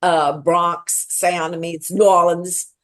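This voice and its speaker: A woman author talking as a guest on a podcast, telling stories in a lively, chatty way with quick asides. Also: on the low side. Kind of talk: casual podcast chat.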